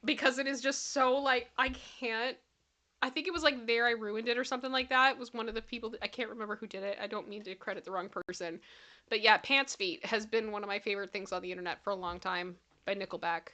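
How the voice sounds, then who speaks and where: A woman's voice: a little high, quick pace, pushed and bright. A woman hosting a casual pop culture chat stream, reading viewer comments aloud, laughing often and singing bits of songs. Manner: giggly, breaks into frequent laughter and sung snippets.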